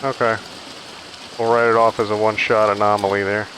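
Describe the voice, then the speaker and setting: A man's voice: lowish voice, level tone, brisk, fairly bright tone, a little hiss or hum, rough recording. A man casually chatting while playing a survival video game, rambling into storytelling asides. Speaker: gaming streamer. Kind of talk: casual gameplay chat.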